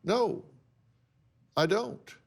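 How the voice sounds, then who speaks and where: A man's voice: sits high, very slow, gravelly, breathy edge. A man hosting a talk show, counseling a guest in a blunt, emphatic, lecturing way. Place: TV studio with audience.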